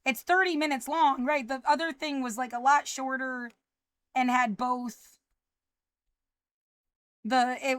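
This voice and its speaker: An upset, frightened woman ranting and swearing, swinging between low muttering and loud outbursts. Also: measured pace, long pauses, no room sound. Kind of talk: agitated personal video rant.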